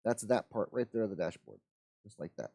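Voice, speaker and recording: A man's voice: on the low side, a little fast, creaky, dark tone, dry recording. Guy hosting a live model kit build, folksy and rambly, mumbles to himself, dry close sound. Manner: rambling, talks to himself while working; easygoing, folksy. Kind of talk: casual live build commentary.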